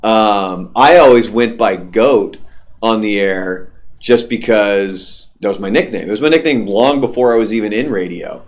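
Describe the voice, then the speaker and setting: A man's voice: on the low side, normal speed. A young adult man, a radio host, telling stories in casual, profane chat. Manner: loose, profane storytelling.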